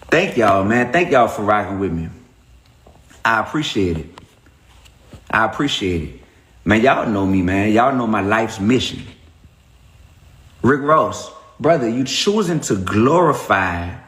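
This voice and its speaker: A man's voice: medium pitch, big pitch swings, normal speed, echoey room. Emphatic New man live on a phone. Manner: preachy, emphatic, shout-outs to chat. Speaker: rapper on a livestream. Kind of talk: casual livestream talk to viewers.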